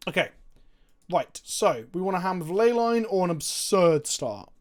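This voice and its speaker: Excitable, swearing man streaming. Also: sits high, measured pace. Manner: excitable, profane, thinking aloud. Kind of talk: live-stream card game commentary.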